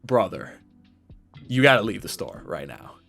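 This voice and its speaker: A man's voice: fairly low pitch, very animated, measured pace, vocal fry, fairly bright tone, soft background music. A young man co-hosting a podcast, telling a story in casual chat, full of fillers and swearing. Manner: rambling storyteller, swears freely, many fillers. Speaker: podcast co-host.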